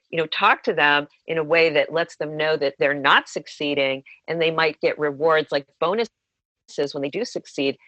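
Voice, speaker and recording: A woman's voice: sits low, fairly bright tone, no room sound, muffled recording. A woman therapist telling the story of a client session and acting out both sides of the conversation. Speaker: sex therapist. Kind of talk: storytelling in an interview.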